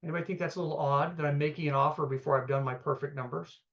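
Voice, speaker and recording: An energetic man leads a live real estate investing seminar in a conversational style, firing rhetorical questions at the audience and tacking on "okay?" His voice is a little high and very fast, and the sound is lo-fi.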